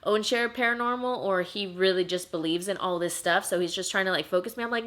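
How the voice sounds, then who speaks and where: A woman's voice: mid-range voice, brisk, few pauses, sharp tone. A young woman vlogger telling a personal paranormal story in a chatty, emotional way, with many fillers. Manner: chatty, emotional, heavy use of "like". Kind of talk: casual storytime vlog.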